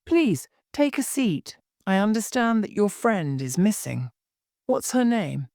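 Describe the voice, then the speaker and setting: A woman reading the part of a serious, calm male police inspector who asks steady, polite questions in a graded story reading. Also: medium pitch, slow, dry recording, clean studio sound, voice pushed up.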